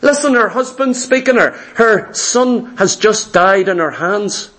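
A male preacher delivers an impassioned sermon full of rhetorical questions and repeated phrases. His voice is very high, and it echoes around a roomy church hall. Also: animated, a little slow, hardly any pauses, fairly bright tone. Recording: echoey room.

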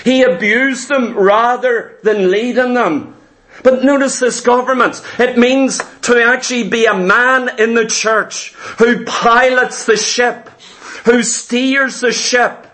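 A man's voice: extremely high pitch, bright, forceful tone. A male preacher giving an emphatic sermon, telling stories and driving his points home with repeated phrases.

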